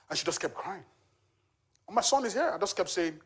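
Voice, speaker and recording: A man in his forties stands before a church congregation and shares a personal testimony. He talks in a loose, conversational way, often pausing on little fillers as he tells the story, and his voice sits a little higher than most men's. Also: animated, a bit bright, breathy edge. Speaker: charity volunteer giving a testimony.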